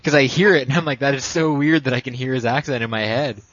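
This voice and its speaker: A man's voice: mid-range voice, fast, a bit bright, no echo. A man with a Canadian accent hosting a casual podcast chat, rambling and hedging with lots of fillers. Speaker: podcast host. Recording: dull lo-fi dry sound.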